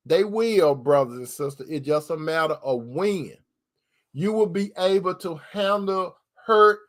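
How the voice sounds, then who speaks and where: His voice is high with a fairly bright tone as he delivers preacher-style relationship advice grounded in Christianity. Emphasis and repetition mark his points, and he keeps calling listeners brother and sister.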